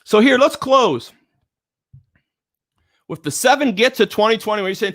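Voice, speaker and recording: A middle-aged man giving a motivational talk, energetic and repetitive, chanting pep-talk lines at himself. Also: high-pitched, moderate pace, long pauses. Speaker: motivational speaker.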